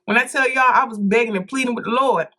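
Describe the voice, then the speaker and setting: A woman vlogging a casual storytime, dramatic and animated, acting out quotes and calling her viewers "y'all". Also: on the high side, quick pace. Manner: addresses viewers directly as "y'all" and "baby".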